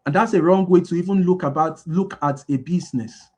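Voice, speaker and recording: A man's voice: high voice, fairly quick, darkish tone. A man giving a motivational business talk, repeating key lines and asking his listeners to fill in the answers. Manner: asks the audience call-and-response questions. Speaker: business speaker.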